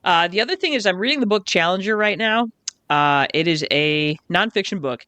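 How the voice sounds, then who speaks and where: A woman co-hosting a podcast in casual chat, animated and quick to swear when riled up. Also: fairly low pitch, clear, resonant tone, no room sound. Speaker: podcast co-host.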